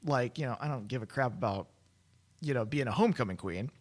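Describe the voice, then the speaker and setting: A man's voice: mid-range voice, animated, fast. A man in his late twenties co-hosting a casual podcast, joking and rambling with many restarts. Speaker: podcast co-host. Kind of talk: casual chat.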